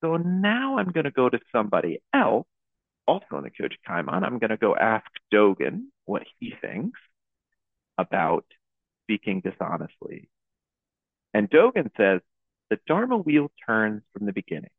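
A man's voice: on the low side, huge pitch swings, creaky, dry recording. Hesitant man giving a Zen talk over tinny audio. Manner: halting, searching, with many restarts. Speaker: teacher leading a Zen talk. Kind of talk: Buddhist dharma talk.

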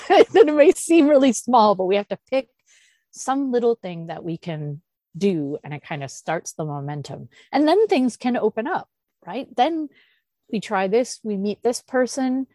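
A woman leading a meditation group discussion, thinking aloud with soft sighs and laughs. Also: medium pitch, no room sound. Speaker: Zen teacher leading a discussion. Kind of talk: unscripted dharma talk and Q&A.

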